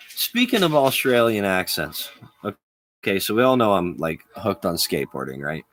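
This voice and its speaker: A man's voice: sits low, very animated, moderate pace, a bit bright. A man chatting with viewers on a live stream, rambling and laughing often. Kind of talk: casual live-stream chat.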